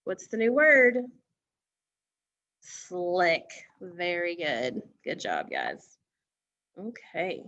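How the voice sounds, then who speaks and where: A woman teacher leading a phonics lesson for young children, speaking slowly and deliberately, stretching out words and praising the class often. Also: lowish voice, wildly swooping pitch, a bit bright, highs cut off. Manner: slow, deliberate, encouraging, stretches words for emphasis.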